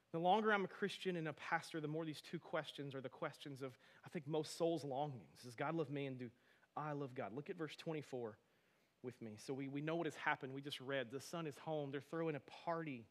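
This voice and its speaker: Here a male pastor in his thirties preaches casually and conversationally, bringing his stories to life and wandering into friendly asides. His voice sits slightly higher than most men's.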